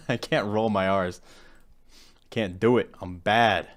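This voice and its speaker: A man's voice: fairly low pitch, slow pace, smooth. A man hosting a live music production stream, talking casually and rambling, often repeating himself and laughing at his own attempts.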